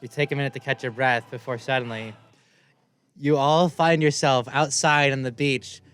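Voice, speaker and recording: A man's voice: medium pitch, fairly even intonation, moderate pace, a bit bright, clear, resonant tone, faint music behind. Playful man narrating as game master. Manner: playful, laughs often, rambling narration.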